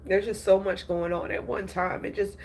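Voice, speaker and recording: A woman's voice: medium pitch, flat delivery, moderate pace, darkish tone, slight background noise. A woman hosting a news and gossip show, giving emotional political commentary, upset and apologetic, restarting her sentences often.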